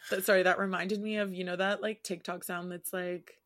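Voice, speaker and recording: A young adult woman co-hosting a podcast, chatting casually with a friend in a relaxed, lightly sarcastic way. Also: fairly low pitch, brisk. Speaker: podcast co-host. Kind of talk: casual chat between friends.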